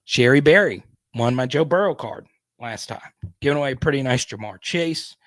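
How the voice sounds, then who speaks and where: A man's voice: medium pitch, animated, normal speed, no room sound. A man hosting a casual live stream, chatting and reading viewer comments aloud.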